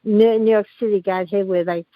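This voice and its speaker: A woman's voice: mid-range voice, steady tone, a little fast, no room sound. A woman caller on a radio show, mostly giving short, agreeable replies. Her voice comes over a slightly dull, dry line. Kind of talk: phone-in conversation.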